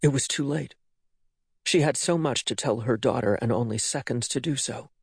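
A man reading an audiobook, narrating in an expressive, dramatic way. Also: medium pitch, moderate pace, vocal fry, breathy edge, dry recording, studio quality. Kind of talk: scripted narration.

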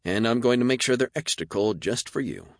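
A man's voice: mid-range voice, expressive, a little fast, creaky, no room sound, clean studio sound, pitched above the performer's own voice. A man doing a teasing woman guard.

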